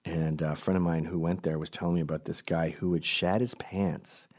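A man's voice: deep voice, level tone, normal speed, darkish tone. A man rambling through a crude, digressive comic monologue, often breaking off to correct himself. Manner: crude, digressive, self-interrupting.

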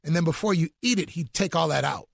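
A man's voice: a little high, fast talker, vocal fry, no room sound, studio quality. A middle-aged man in an enthusiastic interview chat, exclaiming about food. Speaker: guest.

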